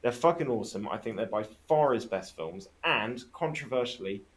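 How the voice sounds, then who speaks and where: A man's voice: mid-range voice, expressive, moderate pace. A man guest on a casual podcast chat, telling stories with enthusiasm and swearing freely.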